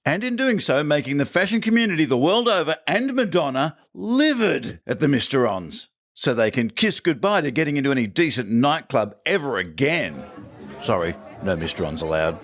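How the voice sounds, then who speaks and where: Jokey man, lively pitch. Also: moderate pace. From Australia. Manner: jokey, wry asides. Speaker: listener contributor. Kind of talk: comedic episode review.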